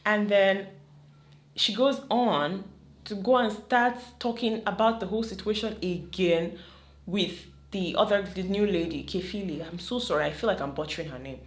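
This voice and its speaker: Young Nigerian-accented woman vlogger, chatty and animated, mid-pitched, roomy echo. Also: normal speed. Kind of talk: casual commentary to camera.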